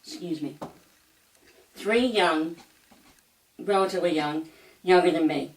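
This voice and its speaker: An older woman with a Southern American accent, telling a funny story in a slow drawl for her vlog. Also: fairly low pitch, echoey room, far from the mic, low-quality recording. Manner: slow, drawling, laughs through punchlines. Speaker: vlogger. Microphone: camcorder mic.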